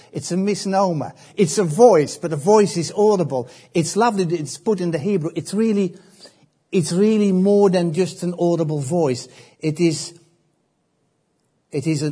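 A man preaching a sermon, slow and emphatic, often repeating phrases and pausing. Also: a little high, dark tone, breathy edge.

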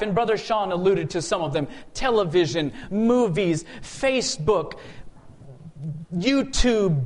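High-voiced man preaching a sermon. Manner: call-and-response preaching, rhetorical questions. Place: church sanctuary.

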